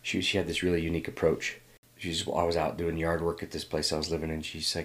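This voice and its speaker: A middle-aged man from Northern California, being interviewed and reflecting in a halting, thoughtful way. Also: extremely low pitch, steady tone, fairly bright tone.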